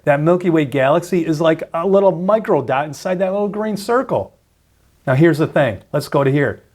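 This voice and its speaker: Man, host, animated explainer, higher voice, repeats himself. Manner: animated, repeats and restarts, gets worked up. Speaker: trading channel host. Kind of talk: excited screen-share explainer.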